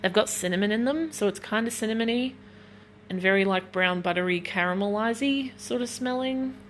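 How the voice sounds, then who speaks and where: A woman's voice: fairly high pitch, moderate pace, slight background noise. A young woman hosting a casual solo podcast from her kitchen at home, chatting in a rambling way full of "like". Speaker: podcast host.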